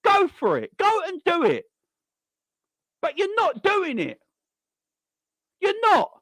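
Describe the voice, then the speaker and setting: A man's voice: extremely high pitch, wildly swooping pitch, slow, a bit bright, no room sound. A man hosting a football channel, ranting angrily and swearing as he mocks online fans. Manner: sweary, mocking, mimics people. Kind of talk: angry fan rant.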